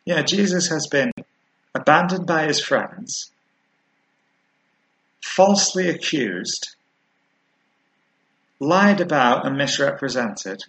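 A man preaching a sermon, earnest and measured, slowing down to stress key words. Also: on the high side, a bit bright, poor audio.

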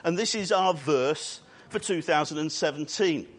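A man preaching a sermon in church, earnest and emphatic, drawing out key words and adding quick asides. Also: fairly high pitch.

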